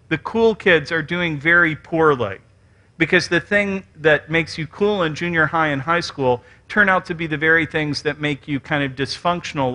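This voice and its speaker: A man from West Virginia with Southern rhythm and Canadian-like vowels, giving an animated, joking conference talk with audience questions. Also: a little high. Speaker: conference speaker. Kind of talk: lecture and audience Q and A.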